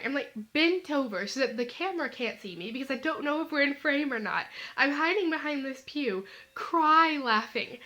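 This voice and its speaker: A teenage girl telling a comic story to the camera, talking fast and animated, full of "like" fillers. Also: high-pitched. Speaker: vlogger.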